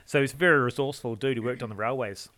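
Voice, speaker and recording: A man's voice: medium pitch, rapid-fire, bright, forceful tone. A man co-hosting a podcast, telling a long story in a chatty way, often laughing and repeating words as he goes. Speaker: podcast co-host. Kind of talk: casual storytelling.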